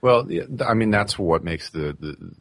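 A man's voice: on the low side, expressive, moderate pace, vocal fry, fairly bright tone, dry recording. A man co-hosting a studio talk show, speaking earnestly and reflectively in long sentences. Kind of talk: casual studio chat.

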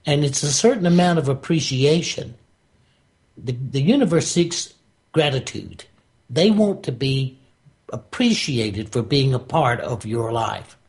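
A man's voice: medium pitch, sing-song, a little slow. A man speaking as a guest on a radio show, talking about spirituality in a punchy, preacherly way. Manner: emphatic, preacherly, punchy phrasing. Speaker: guest author. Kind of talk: spiritual talk radio interview.

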